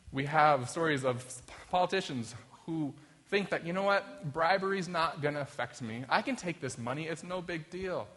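A man's voice: a little high, a bit bright. A man preaching a sermon in a conversational way, reading scripture and then acting out quoted voices to make his point. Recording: long reverb of a hall.

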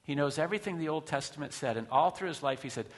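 A man's voice: a little high, animated, quick pace. A man preaching a sermon in a conversational way, with rhetorical questions and frequent restarts. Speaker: pastor. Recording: long hall reverb.

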